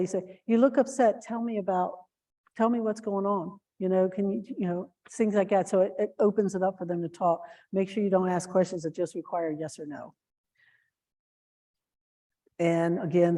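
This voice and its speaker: Woman teaching shelter volunteers, mellow warm voice, earnest, lots of um and uh. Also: lowish voice, little pitch movement, normal speed. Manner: earnest, instructive, with many fillers and restarts; acts out example phrases in a lifted voice. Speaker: volunteer trainer. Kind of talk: training talk to volunteers.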